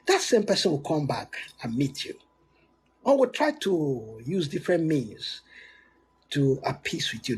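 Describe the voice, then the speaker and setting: A man giving a motivational talk with emphatic swoops in pitch, frequent restarts and laughs between points. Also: slight background noise. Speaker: motivational speaker.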